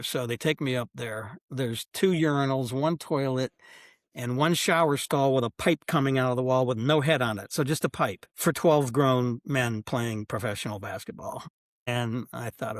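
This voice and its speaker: A medium-pitched older man speaks at a moderate pace, captured in clean studio sound without echo. He's a sports executive guest on a podcast, casually recounting stories. With animation, he acts out the exchanges from conversations long ago.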